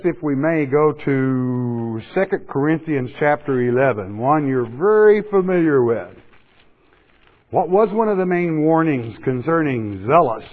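A male pastor delivers a sermon with folksy humor and rambling asides. His voice sits a touch high for a man. The audio is thin and tinny, as if heard down a phone line. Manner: folksy, joking asides, digressive.

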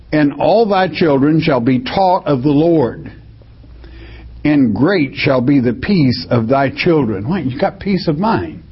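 A man preaching a Bible study, reading verses slowly and then explaining them in plain words. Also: medium pitch, husky. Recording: dull lo-fi recording.

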